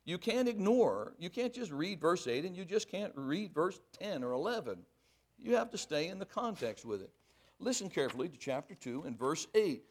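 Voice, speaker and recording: A man preaching a sermon, reading scripture aloud and pressing each point hard, then dropping to quiet asides. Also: high-pitched, sing-song, moderate pace.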